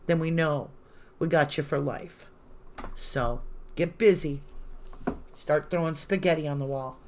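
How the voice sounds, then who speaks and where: A woman's voice: low-pitched, a little slow, darkish tone, a little hiss or hum. A woman hosting a true-crime channel, reading court papers aloud live and breaking off into sarcastic, indignant asides. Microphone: phone.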